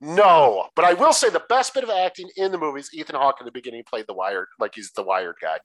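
A man from the Detroit area co-hosting a casual movie review podcast, talking in a blunt, animated and profane way. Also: medium pitch, fast, no echo, low-quality recording. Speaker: podcast co-host.

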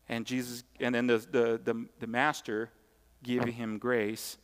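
A man's voice: mid-range voice, little pitch movement, unhurried, smooth. A man preaching a sermon as pastor, emphatic and conversational, repeating key points and tossing asides to the congregation. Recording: long hall reverb.

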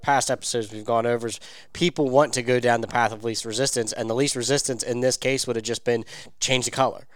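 A man's voice: mid-range voice, fairly even intonation, quick pace, no room sound. A man co-hosting a podcast in casual chat, backing up his partner with short replies. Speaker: podcast co-host.

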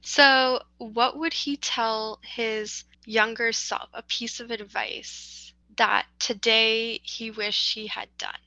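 A young woman chats easily as a guest, upbeat and quick to laugh. Her voice is bright and edged with vocal fry, and it sits a bit high for a woman. The recording is dry and dull, like a lo-fi call. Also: little pitch movement, no echo. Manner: chatty, upbeat, laughs often. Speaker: podcast guest, social worker. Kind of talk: casual conversation.

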